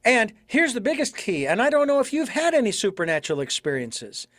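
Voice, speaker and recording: A man hosting an interview podcast, talking in an animated way with rhetorical questions and some hesitant fillers. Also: high-pitched, brisk, no room sound, studio quality. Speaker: podcast host. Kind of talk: conversational interview.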